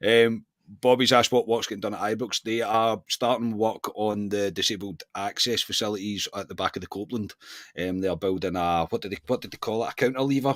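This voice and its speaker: A Scottish man hosting a football podcast, chatty and quick to laugh as he steers the questions. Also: on the low side, fairly even intonation, a bit bright, no echo, studio quality. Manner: laughs easily, leads the questions. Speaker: podcast host. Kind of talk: casual football chat.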